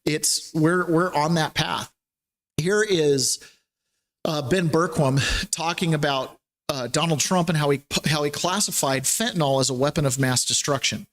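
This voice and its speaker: Guy hosting a political chat podcast, kinda high voice, rambles and laughs a lot. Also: a little slow, a bit bright. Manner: chatty, rambling, laughs between points. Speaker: podcast host. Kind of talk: casual political talk.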